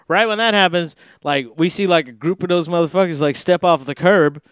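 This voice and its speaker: A man's voice: high voice, normal speed, a bit bright, smooth, no echo, clean studio sound. A young man from the Los Angeles area talking in a casual, rambling monologue, profane and full of fillers and restarts. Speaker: podcast host.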